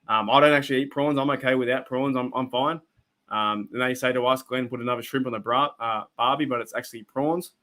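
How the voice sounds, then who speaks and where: A man's voice: medium pitch, fairly even intonation, a little fast, pushed and bright. A young Australian man hosting a casual live stream, chatting to viewers in a rambling way with lots of restarts and fillers. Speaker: live stream host reacting to football.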